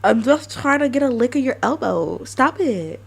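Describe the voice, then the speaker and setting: A woman's voice: a little high, lively intonation, moderate pace, vocal fry, slightly rough, voice pushed up, full character voice. A woman voicing a curious, playful frog girl. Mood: teasing.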